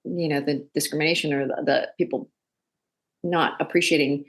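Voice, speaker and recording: Brief: low, gravelly woman, guest actor, lively storyteller. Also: normal speed. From Canada. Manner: chatty, animated storytelling with quoted voices. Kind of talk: casual interview.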